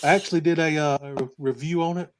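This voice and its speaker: A laid-back man talking comics in a relaxed way that sounds easily amused. His voice sits a little higher than most men's. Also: fast. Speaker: comic collector co-host. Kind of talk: casual chat.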